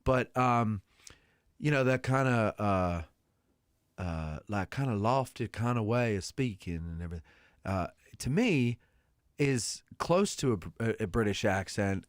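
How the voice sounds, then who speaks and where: A man's voice: lowish voice, lively intonation, a little slow, no echo, studio quality. A man hosting a podcast, asking questions in a playful, joking, casual way. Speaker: podcast host. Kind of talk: casual interview chat.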